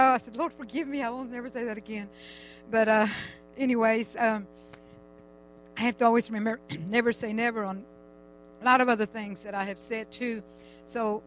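A woman's voice: fairly high pitch, a bit bright, low-quality recording. An older woman giving a rambling, chatty personal testimony in church, laughing now and then as she talks.

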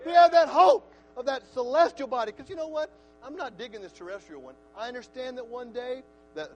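A middle-aged man preaching a sermon in church, excitable and folksy, breaking into shouts. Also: very high voice.

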